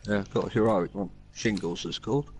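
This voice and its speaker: Teammate: low-voiced man on party chat, laid-back and sweary. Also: brisk, a little mellow, breathy edge.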